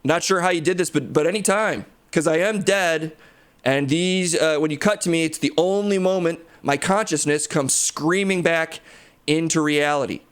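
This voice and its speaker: A man's voice: a little high, moderate pace, smooth, natural voice. A man doing a cocky undead superhero genius. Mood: boastful. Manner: cocky, crude bragging. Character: brash reanimated male superhero tech genius, boastful. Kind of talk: improvised comedy impression.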